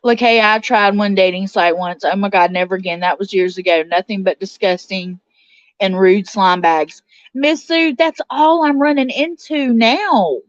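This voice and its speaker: A woman hosts a casual livestream, chatting and reading viewer comments aloud before answering them. Her voice is medium-pitched at a normal pace, and the sound is dull, slightly lo-fi, and without echo.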